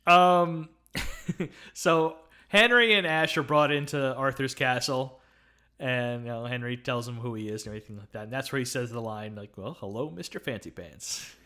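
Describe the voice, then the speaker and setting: A man co-hosting a casual film review podcast, excitedly retelling scenes and breaking into loud quoted lines and laughter. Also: mid-range voice, moderate pace. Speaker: podcast co-host.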